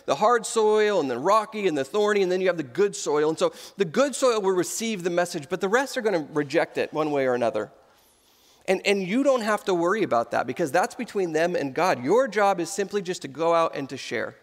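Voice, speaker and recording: A long reverb tail trails this pastor's voice, which sits on the high side, through the church auditorium. The man, in his thirties, preaches with animated storytelling and acts out the voices of the people he quotes.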